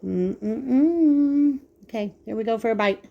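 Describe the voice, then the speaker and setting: A woman's voice: medium pitch, fairly even intonation, a little slow, narrow, tinny audio. A woman hosting a casual home cooking vlog in her kitchen, chatting straight to viewers as she cuts food open and tastes it.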